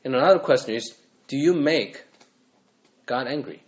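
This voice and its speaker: Male pastor, mid-pitched, earnest sermon delivery full of rhetorical questions; muffled lo-fi sound. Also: expressive, moderate pace. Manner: earnest, asks the listeners repeated rhetorical questions.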